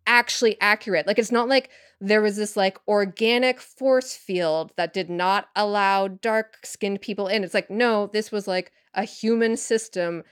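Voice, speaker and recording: A woman writer chatting as a podcast guest, thinking out loud with lots of fillers and restarts. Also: mid-range voice, unhurried, hardly any pauses, smooth, no echo, studio quality. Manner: rambling, filler-heavy, thinks aloud. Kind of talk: casual interview chat.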